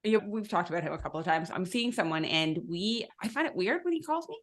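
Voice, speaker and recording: A woman's voice: on the low side, animated, quick pace. A young adult woman co-hosting a podcast, giving blunt, emphatic opinions in casual chat. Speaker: podcast co-host.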